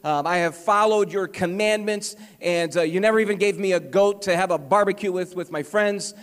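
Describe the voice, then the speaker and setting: A man's voice: high-pitched, normal speed, long reverb tail, natural voice. A man voicing a resentful, dutiful older brother who complains and justifies himself. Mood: aggrieved. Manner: complaining, sulky, self-justifying.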